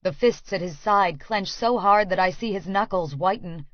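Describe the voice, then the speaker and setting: A woman's voice: mid-range voice, moderate pace, dry recording. Woman narrating a first-person audiobook. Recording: dry, slightly dull studio audio.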